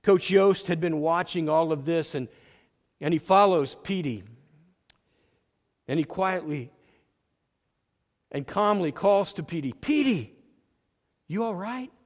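Man preaching, earnest storytelling, fairly high voice, reverberant church hall. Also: unhurried, pauses often. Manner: earnest, storytelling, frequent restarts. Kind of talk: sermon with movie retelling.

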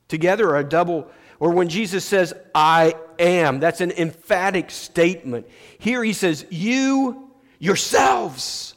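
A man preaching a sermon as pastor, slow and emphatic, restarting his phrases often. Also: high voice. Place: church sanctuary. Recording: long church reverb.

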